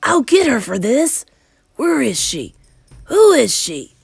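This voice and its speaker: A woman voicing a spoiled boy turned into a mouse, high and excitable. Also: unhurried, husky, dry recording, exaggerated voice. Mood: indignant. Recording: dry close sound with faint music.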